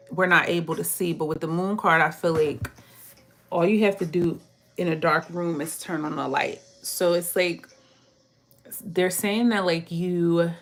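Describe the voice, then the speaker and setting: A woman giving a casual tarot reading who talks straight to her viewers, chats freely and laughs often. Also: fairly low pitch. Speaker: tarot reader.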